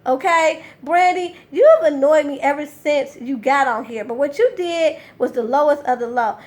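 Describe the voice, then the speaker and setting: A woman with a high voice gives a casual recap of a reality TV episode. She speaks bluntly and sassily, with plenty of profanity. Her retelling stays lively and opinionated. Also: normal speed. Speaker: TV recap host.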